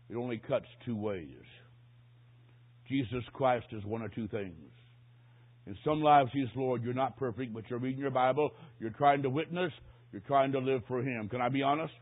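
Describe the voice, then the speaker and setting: A man preaching a sermon with dramatic storytelling that swings from hushed tones to shouting. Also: medium pitch, moderate pace, husky. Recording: tinny, phone-like recording.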